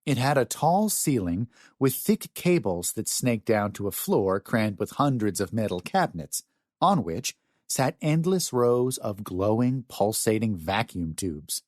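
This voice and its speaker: Expressive male audiobook narrator. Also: fairly low pitch, measured pace, no echo, studio quality. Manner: expressive storytelling. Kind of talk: scripted narration.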